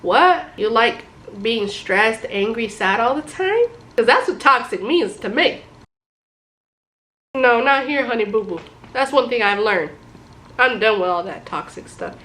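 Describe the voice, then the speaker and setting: A young adult woman vlogging, talking casually to her viewers with life advice, chatty and animated, often calling them guys. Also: fairly high pitch, measured pace, poor audio. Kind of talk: casual advice talk to camera.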